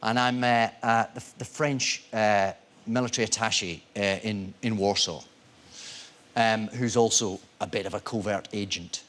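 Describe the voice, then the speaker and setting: A Scottish man, a guest actor on a chat show, telling lively anecdotes and acting out the people in them. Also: lowish voice, moderate pace. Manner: animated storyteller, acts out voices in quotes. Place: TV studio with audience.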